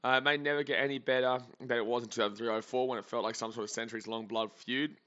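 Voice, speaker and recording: A man's voice: mid-range voice, fairly even intonation, fast, bright, forceful tone, muffled recording. A man from Australia gives chatty, rambling, jokey live commentary on a baseball game as a streamer. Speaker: sports streamer.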